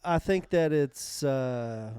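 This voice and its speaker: A man's voice: medium pitch, lively intonation, takes it slowly, a little mellow, clean tone, no echo, studio quality. A man co-hosting a podcast, chiming in with laid-back short remarks in casual chat. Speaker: podcast co-host.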